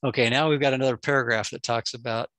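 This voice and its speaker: A man's voice: medium pitch, fairly even intonation, quick pace, a bit bright, no echo. A man leading a spiritual study group, musing in a casual way with fillers. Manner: musing, chuckling, hesitant with fillers.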